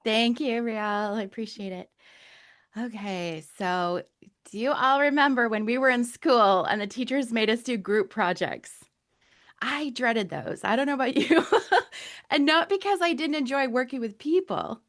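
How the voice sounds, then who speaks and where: A woman from Canada giving a motivational talk as a guest speaker, gentle and soothing. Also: fairly high pitch, a little slow.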